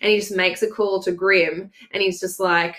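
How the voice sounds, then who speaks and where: A woman's voice: mid-range voice, little pitch movement, normal speed, a bit bright. A woman in casual chat as a podcast co-host, gushing and giggling often.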